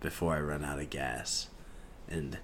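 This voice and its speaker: A young man hosting a podcast, telling a story in a casual, profane, animated way and acting out the scenes. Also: rumbling low, unhurried, a little hiss or hum. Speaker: podcast host.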